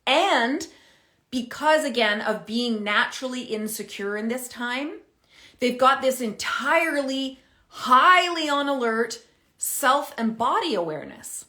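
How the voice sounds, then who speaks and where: A middle-aged woman talking casually to camera as a parenting coach, animated and chatty, thinking out loud as she explains. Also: high-pitched, unhurried. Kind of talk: casual direct-to-camera advice.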